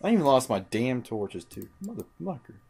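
In this let's play commentary, a young gaming channel host narrates his own playthrough at a moderate pace. His voice is lowish and a little mellow, and he mutters, curses constantly, and sounds fed up.

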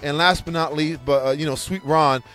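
A man's voice: on the high side, steady tone, normal speed, a bit bright, faint music behind. A man hosting a casual podcast, ranting in a rambling, profane way with frequent restarts. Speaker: podcast host.

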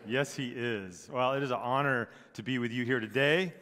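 A middle-aged man from Southern California, a pastor opening a sermon in a relaxed, joking way with many fillers. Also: medium pitch, normal speed. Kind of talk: sermon introduction. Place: church sanctuary. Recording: long church hall reverb.

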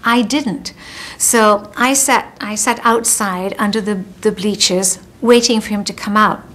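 An older woman being interviewed, reminiscing as a lively storyteller who laughs while she talks. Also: mid-range voice, measured pace.

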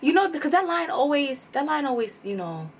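A woman hosting a reaction channel, talking in an excited, casual way. She repeats herself and swears freely. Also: high-pitched, brisk, slight background noise. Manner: gushing, repetitive and profane. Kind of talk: excited casual vlog talk.

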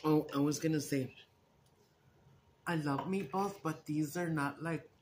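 Hoarse woman with a cold. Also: deep voice, a little slow, a little mellow, a little hiss or hum. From Texas. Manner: chatty, switches between English and Spanish. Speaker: mukbang live-stream host. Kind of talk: casual chat with viewers.

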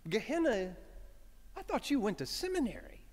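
Man playing exasperated, blunt Jesus, lively pitch, church reverb. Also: normal speed, exaggerated voice.

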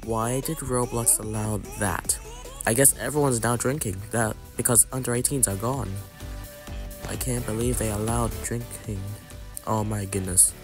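A young man playing out a game role-play skit, reacting with quick, astonished exclamations. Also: medium pitch, fairly even intonation, music in the background. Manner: exclaiming, rapid reactions of disbelief. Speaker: gaming YouTuber. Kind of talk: Roblox role-play skit voicing several characters.

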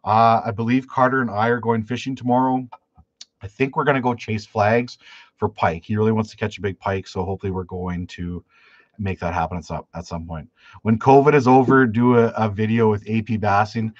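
A man's voice: fairly low pitch, a little fast, dry recording. Canadian man, fishing-channel host, casual live chat, dry dull stream audio. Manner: rambling storytelling with restarts, answers chat questions. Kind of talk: live stream chat, reading viewer comments.

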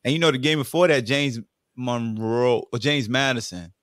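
A man from Virginia, a podcast guest telling football stories in a casual, lively way. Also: mid-range voice, moderate pace, no echo, studio quality. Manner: lively storyteller who acts out what others said. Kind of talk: casual storytelling interview.

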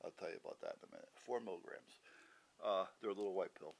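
A man's voice: low-pitched, quick pace, gravelly, poor audio. A man casually telling a personal story in a blunt way, cursing freely and acting out the dialogue. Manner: blunt, swears freely, acts out quoted dialogue. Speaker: vlogger recounting his heart attack.

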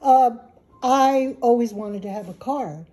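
A woman in her eighties from California telling a funny family anecdote at a small gathering, lively and laughing as she goes. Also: on the high side, measured pace, a crowd in the background. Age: 80s. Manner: lively, laughing, animated storytelling. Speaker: family storyteller. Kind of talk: casual anecdote among family.

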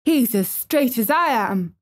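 Woman reading a steady country boy. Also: on the high side, measured pace, pitched above the performer's own voice. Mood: proud.

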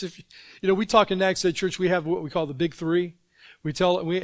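High-voiced man preaching a sermon. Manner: conversational, asks the congregation questions and answers them. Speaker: pastor. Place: church sanctuary.

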